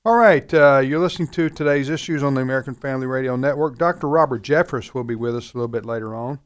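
Man, radio host, casual studio talk, jokey, mid-pitched. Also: fast, smooth. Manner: jokey, chatty, drifts into playful bits.

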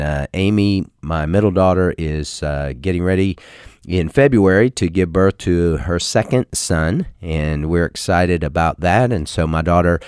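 An older man hosting a call-in radio program as pastor, talking about family and teaching scripture in a folksy, halting way. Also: sits low, smooth, no room sound, clean studio sound. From Texas. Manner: folksy, halting with many uh fillers.

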